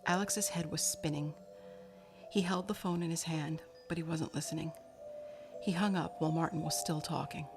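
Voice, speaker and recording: Low-voiced woman reading a story aloud. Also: steady tone, moderate pace, over music. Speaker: narrator. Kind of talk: storybook narration.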